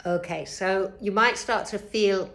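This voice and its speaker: A woman with a medium-pitched, steady voice guides a yoga breathing lesson, speaking gently and a little slowly. She uses many fillers and sounds slightly hoarse from a sore throat.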